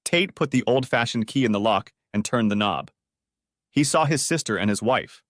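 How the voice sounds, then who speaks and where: Lively-voiced male story narrator. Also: mid-range voice, normal speed, dry recording, studio quality. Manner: steady storytelling.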